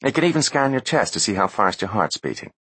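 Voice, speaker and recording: A man's voice: fairly low pitch, very animated, fast, fairly bright tone, husky, no room sound, voice pushed up, full character voice. A man voicing a haughty, brilliant teenage boy in a storybook reading, speaking with cool, precise diction.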